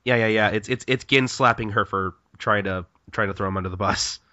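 A man's voice: lowish voice, a little fast, sharp tone, no echo, muffled recording. A man co-hosting a podcast in casual chat, recapping a manga in a rambling, profane way and acting out characters' lines with lots of laughing. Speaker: podcast co-host.

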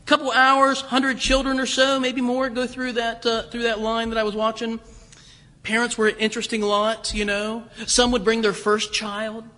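A man's voice: very high voice, monotone, moderate pace, sharp tone. A man preaching a storytelling sermon in a church, chatty and hesitant, full of fillers and restarts. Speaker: pastor. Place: church sanctuary. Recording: long reverb of a church hall.

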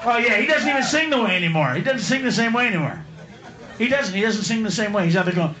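High-voiced ranting man doing stand-up. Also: animated, quick pace, highs cut off. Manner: ranting, profane, screaming bursts. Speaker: stand-up comedian. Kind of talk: stand-up comedy routine. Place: comedy club stage. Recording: live club recording, echoey, loud crowd. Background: crowd laughter and applause.

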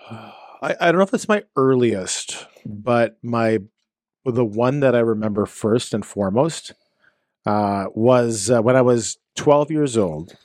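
A man in his forties co-hosting a podcast, chatting casually and joking in quick banter. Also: medium pitch, expressive, darkish tone, no echo, studio quality. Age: 40s. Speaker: podcast co-host. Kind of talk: casual chat.

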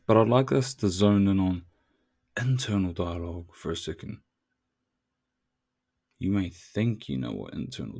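A man's voice: fairly low pitch, darkish tone. A man with a New Zealand accent hosting a casual podcast monologue, slangy and swearing as he talks straight to the listener. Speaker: podcast host.

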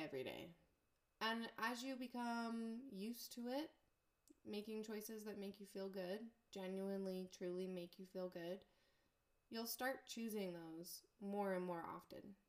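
Woman vlogger doing a chatty pep talk, lots of "like", laughs a bunch, regular mid voice. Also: mid-range voice. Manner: chatty and encouraging, filler "like", laughs often. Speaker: self-help vlogger. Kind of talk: casual motivational talk to viewers.

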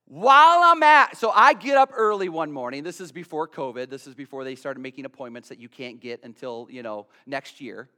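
A man preaching a sermon as a pastor, telling a story in an animated way and often stammering and repeating his words. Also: mid-range voice, a little fast, few pauses.

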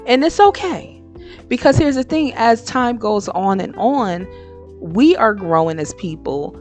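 A woman's voice: fairly high pitch, a little slow, soft background music. A woman hosting her own podcast, giving frank, slangy advice in a casual monologue. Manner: frank, slangy and animated, switching into impressions. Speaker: podcast host.

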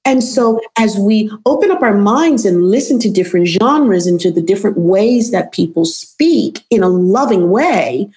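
A woman's voice: mid-range voice, animated, moderate pace, few pauses, mellow. Emphatic New York woman coach. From New York City. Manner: emphatic, repeats herself for stress. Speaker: voice and accent coach, author. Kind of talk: interview guest, passionate talk.

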